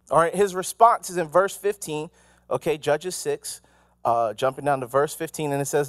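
A male pastor giving an animated, conversational sermon, full of asides and questions to the congregation. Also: fairly high pitch, normal speed, dry recording, clean studio sound. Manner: animated, conversational preaching with asides and acted quotes. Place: church.

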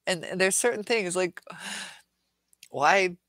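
A woman's voice: on the low side, slow pace, fairly bright tone, no echo, rough recording. A middle-aged woman hosting a casual viewer Q&A livestream, earnest and rambling, reading comments aloud.

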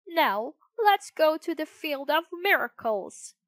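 A woman voicing a sly, smooth-talking fox swindler in a coaxing, drawn-out manner. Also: sits high, big pitch swings, a bit bright, dry recording, voice pushed up, heavily acted.

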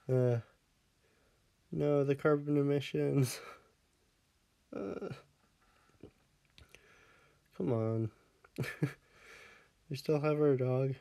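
A man's voice: medium pitch, extremely slow, gravelly, long pauses, mellow, clean tone. A man casually commenting on his game as he plays, laughing often and scolding his pet dog in the game before fussing over him. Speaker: Minecraft let's player.

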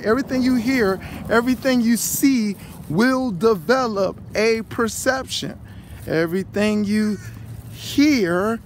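A man's voice: high-pitched, slight background noise. A man preaching casually while walking by a pond, rambling and repeating phrases, recorded on a handheld phone. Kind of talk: outdoor walking vlog sermon. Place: outdoors by a pond.

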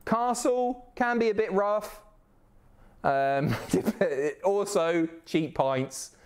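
A man from the Isle of Wight, chatting casually and excitably on a live stream, swearing often. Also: sits high, drawn-out words, clear, resonant tone. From Isle of Wight, England. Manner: excitable, sweary, reads chat aloud.

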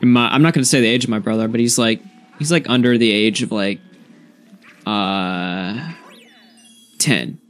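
A man's voice: on the low side, moderate pace, pauses often, fairly bright tone, faint music behind. A young man casually telling a story to his stream chat, rambling and swearing, with lots of "like". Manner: rambling, profane, heavy use of "like".

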